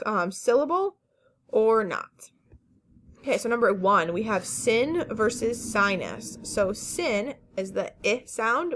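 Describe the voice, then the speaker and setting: A woman teaching a phonics lesson to children, speaking slowly and carefully, stretching each word and encouraging the class. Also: mid-range voice, fairly bright tone. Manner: slow, careful word-by-word enunciation; patient and encouraging, with fillers.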